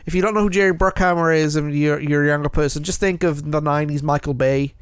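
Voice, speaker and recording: A man's voice: on the high side, fast talker, clear, resonant tone, no room sound. Joking male podcast host, dry sound. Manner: animated, joking, opinionated. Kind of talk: casual chat.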